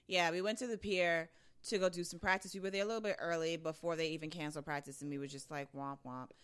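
A woman's voice: lowish voice, quick pace, clear, resonant tone. A young woman from Brooklyn, telling stories in casual chat and acting out the people she quotes. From Brooklyn, New York. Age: young adult. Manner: animated storyteller, acts out quoted voices, casual swearing.

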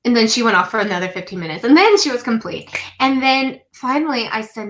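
An American woman, appearing as a guest in a conversation, earnestly shares a personal story, often saying "um" and "like" and slowing some phrases for emphasis. Her voice is on the high side and animated, and the recording is rough.

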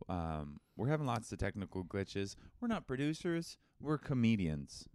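A man's voice: lowish voice, sing-song, normal speed, a little mellow, clean tone, no room sound. A man co-hosting a comedy podcast, joking and rambling in casual chat close to the mic. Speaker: podcast co-host.

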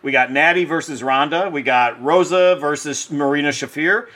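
A man's voice: fairly high pitch, moderate pace, sharp tone. A man co-hosting a podcast in casual chat, running through topics with wry asides. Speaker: podcast co-host.

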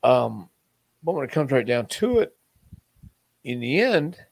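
Male guest, mid-pitched, rambling anecdotal delivery with frequent restarts, dry close sound. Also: very animated, measured pace, gravelly, slightly rough, no echo. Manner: rambling, acts out quotes, many restarts. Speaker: interview guest. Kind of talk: casual storytelling interview.

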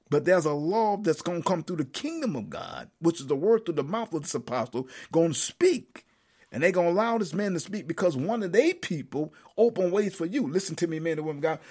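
A man's voice: a little high, darkish tone. A man preaching a sermon with fervor, repeating himself and calling out to his listeners. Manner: fervent, repeats and restarts, calls out to listeners.

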